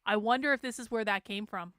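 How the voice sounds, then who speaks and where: A woman host talking over archival footage with an incredulous edge. Her voice is bright and crisp, on the higher side, recorded close and dry with no room sound. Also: fast, no echo. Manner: incredulous, reacting with exclamations. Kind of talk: commentary over archival clips.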